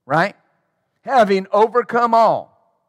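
A man's voice: sits high, animated, slow pace, dry recording. A man preaching a sermon as pastor, emphatic and rhythmic, drawing call-and-response from his congregation.

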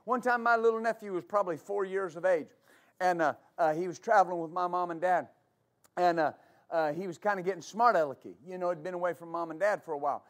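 A fervent male pastor with a notably high-pitched voice delivers a sermon. He repeats key phrases, stumbles into quick restarts, and calls for answers from the congregation in call-and-response.

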